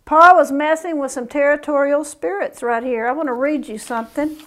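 A woman's voice: high-pitched, fairly even intonation, normal speed. A woman leading a Bible study, reading scripture aloud and adding folksy, chatty remarks between passages. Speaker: Bible teacher.

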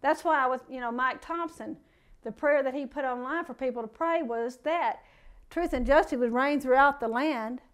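A woman's voice: sits high, normal speed, smooth. A woman preaching a sermon, reading scripture aloud and breaking off into folksy, plain-spoken asides.

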